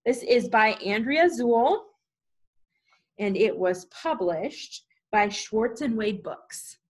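A woman leading a library storytime, reading a picture book aloud to preschoolers in an animated way and talking to the children directly. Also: a little high, slow pace, husky.

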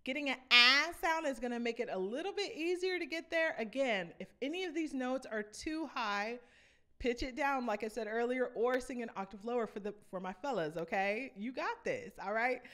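Lively woman vocal coach. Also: on the high side, moderate pace. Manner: enthusiastic, breaks into sung demonstrations. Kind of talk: singing lesson, demonstrating vocal runs.

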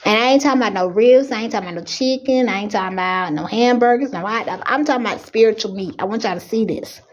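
In a bright, high voice and at a quick pace, a young woman delivers a fiery, impassioned sermon, her fervor rising as she goes. She becomes emotional, fighting tears and pleading with herself not to cry, on a dull, lo-fi recording that sounds like a home setup.

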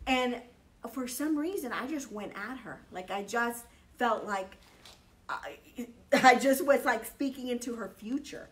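A woman teaching a Bible study, telling a personal story, lively and emphatic, often checking in with "okay?". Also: a little high, a little slow, far from the mic.

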